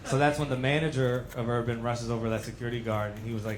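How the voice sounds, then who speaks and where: A man doing stand-up, telling an anecdote with a deadpan touch. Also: mid-range voice, fast, heavy background noise. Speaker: stand-up comedian. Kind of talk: stand-up set.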